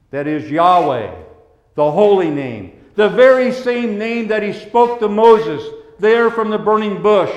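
Guy preaching, gentle pastor vibe, goes quiet then loud, kinda high voice, roomy echo. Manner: gentle, pastoral, swinging between soft hushed passages and raised emphatic ones. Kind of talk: sermon.

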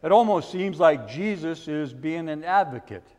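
Guy preaching slow, high voice, big echoey church hall, lots of questions and build-ups. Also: lively intonation, a little mellow. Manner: preaching with rising emphasis and rhetorical questions. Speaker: pastor. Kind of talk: sermon.

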